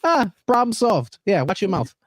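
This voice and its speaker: A man's voice: high voice, very animated, moderate pace, voice pushed up. Man doing a menacing Italian mob tough guy. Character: threatening Italian-American mob tough guy, male, adult.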